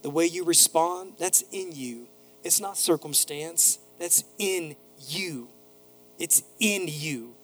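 A man's voice: fairly high pitch, slow pace, fairly bright tone, faint music behind. Male pastor preaching with emphatic repetition. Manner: preaching with emphatic repeated phrases, quoting a neighbor in a casual voice. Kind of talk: sermon. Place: church sanctuary.

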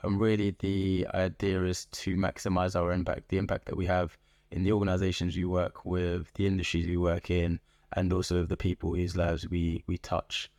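A middle-aged man with a London accent, a guest in an interview, speaking in a thoughtful, measured way with frequent pauses. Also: low-pitched, monotone, darkish tone, no echo, clean studio sound. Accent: London English. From England. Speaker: guest, organization founder. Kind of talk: conversational interview. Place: podcast booth.

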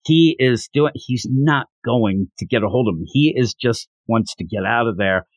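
A man hosting a podcast, recapping a manga chapter in an animated, enthusiastic way. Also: mid-range voice, moderate pace, dry recording. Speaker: podcast host.

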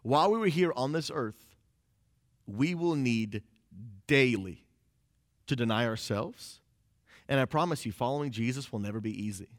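A young man preaching a sermon in a casual, conversational way, peppered with "like" and quick acted-out inner voices. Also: medium pitch, animated, a bit bright. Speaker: pastor.

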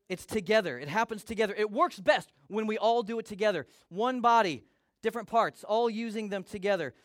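A middle-aged man preaching a sermon as pastor, conversational and animated, acting out little quotes. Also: high-pitched, no room sound, studio quality.

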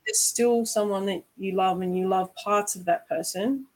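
A woman's voice: medium pitch, moderate pace, rough recording. A woman hosting a candid conversation, earnest and reflective, often asking "right?". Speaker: host.

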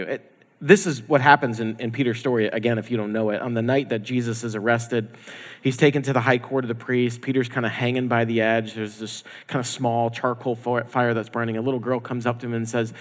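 A man's voice: medium pitch, flat delivery, fairly quick. Guy preaching in a church, chatty, does the voices of the people in the story, big echoey hall. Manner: conversational, acts out dialogue in quoted voices. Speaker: pastor. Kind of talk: sermon. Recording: long hall reverb.

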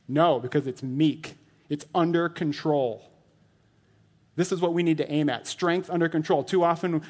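A man's voice: on the high side, a little mellow. A man in his thirties who is a lay elder, giving a casual, joking sermon full of fillers. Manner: chatty and joking, lots of "like", laughs at his own jokes.

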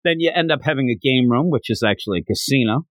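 Animated, lively-voiced male podcast host. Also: medium pitch, fast, dry recording. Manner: chatty and jokey, recapping with lively quoted lines. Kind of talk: casual podcast chat.

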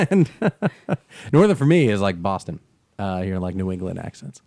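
A man's voice: low voice, measured pace, no room sound, clean studio sound. A man from New Jersey with a New Jersey accent, hosting a podcast in casual chat and laughing often. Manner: laughs often, animated storyteller. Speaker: podcast host.

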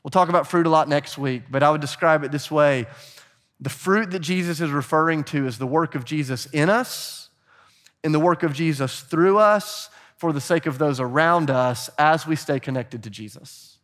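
A middle-aged man preaching a sermon as pastor, animated and urging the congregation to join in. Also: on the high side, moderate pace.

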